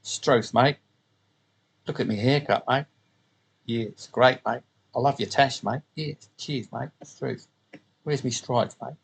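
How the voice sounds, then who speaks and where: Here is a cheery, mustachioed Aussie bloke, put on by a man in a mock Australian accent. He trades quick jokey lines and ends nearly every one with 'mate', at a moderate pitch and a softer, lower level than the man's usual delivery. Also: vocal fry, slightly rough.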